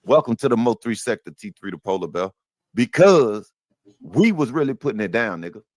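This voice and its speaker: A man's voice: fairly low pitch, big pitch swings, a little fast, no echo. Boastful man in a dry room. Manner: boastful, proud. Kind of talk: boastful casual talk.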